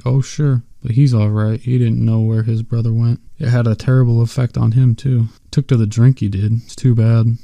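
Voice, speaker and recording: Folksy small-town realtor in a storybook reading, as a man puts him on, a drawling, chatty voice that is very dark and mellow with a close, dry sound, keeping to a narrow, steady tune. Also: mid-range voice, moderate pace, vocal fry, few pauses, no echo, lightly acted.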